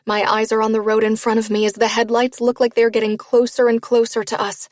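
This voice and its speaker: A woman narrating a first-person romance novel in a steady storytelling read. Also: a little high, brisk, dry recording, clean studio sound. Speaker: audiobook narrator.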